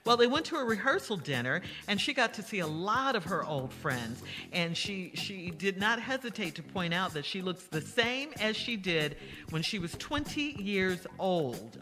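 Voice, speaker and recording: Bright-voiced woman giving blunt advice. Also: on the low side, in a large hall. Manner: frank and scolding, with drawn-out emphasis. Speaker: radio co-host answering listener letters. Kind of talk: advice talk on morning radio. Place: radio studio. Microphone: studio microphone.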